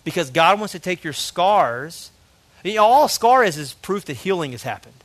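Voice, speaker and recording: A man's voice: high voice, big pitch swings, normal speed, fairly bright tone. A man in his thirties preaching a sermon, telling a personal story earnestly and emotionally, often saying "man". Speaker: pastor.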